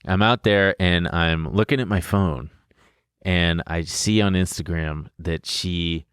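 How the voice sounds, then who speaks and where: Podcast co-host, male, deep-set voice, frank and laughing as he recounts. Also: slow pace, fairly bright tone, clean tone, dry recording, studio quality. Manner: candid, laughs through his story, swears freely. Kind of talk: casual storytelling chat.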